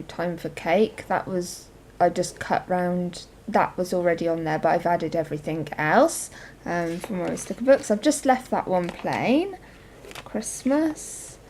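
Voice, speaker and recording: A woman's voice: on the low side, a little mellow, slight background noise. A young woman chatting casually through a show-and-tell of her journal and crafts, rambling with lots of ums. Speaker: crafting vlogger.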